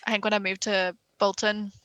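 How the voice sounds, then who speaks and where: A woman's voice: mid-range voice, level tone, brisk, fairly bright tone, clear, resonant tone, no echo, dull audio. A young Northern Irish woman co-hosting a podcast, telling stories in a blunt, sweary chat. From Northern Ireland. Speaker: podcast co-host. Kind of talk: casual chat.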